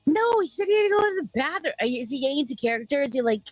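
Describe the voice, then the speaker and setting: Young woman, panel co-host, playful, swears freely, high, very lively pitch. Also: very fast, dry recording, soft background music, low-quality recording. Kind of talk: casual chat.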